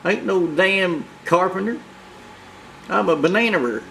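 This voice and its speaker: A brash male monkey puppet with a high, crude drawl, as a man puts him on. He rambles and boasts as the show's host in comic puppet banter. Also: expressive, a little slow, gravelly, fairly bright tone, a little hiss or hum, heavily acted, poor audio. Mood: cocky.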